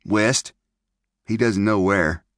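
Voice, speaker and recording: A man's voice: fairly low pitch, slow, fairly bright tone, no room sound, clean studio sound. A man voicing a shy, folksy farm boy in an audiobook. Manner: folksy rural talk. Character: shy homespun farm boy heading west.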